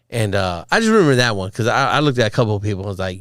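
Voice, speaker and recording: Lively-pitched man in casual chat. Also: rapid-fire, few pauses, dry recording, clean studio sound. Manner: lively swings in pitch, short back-channel replies, swears freely. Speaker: podcast host.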